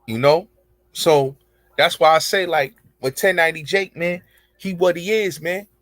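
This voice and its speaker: A man's voice: fairly high pitch, a little slow, a bit bright, no echo. Emphatic man ranting in street slang. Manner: rambling, emphatic, heavy profanity and street slang. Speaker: show host. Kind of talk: casual monologue.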